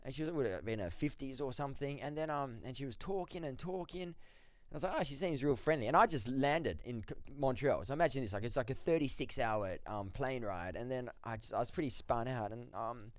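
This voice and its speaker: Brief: young man, podcast guest, rambling storyteller, mid-pitched, dead-dry booth sound. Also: a little fast, no room sound. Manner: rambling, filler-heavy, laughs through the story. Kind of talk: casual storytelling chat.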